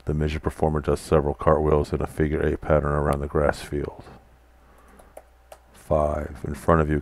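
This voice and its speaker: A man playing a text adventure game, reading the game text aloud and chatting casually between commands. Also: a bass voice. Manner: quiet, mutters typed commands. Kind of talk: casual let's-play commentary.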